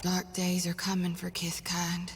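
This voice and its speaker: A woman voicing a video game character, a haunted woman tormented by visions of death, speaking in a hushed, often half-whispered, foreboding way. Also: lowish voice, completely flat delivery, measured pace, a little hiss or hum. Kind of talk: voiced video game dialogue. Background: game music.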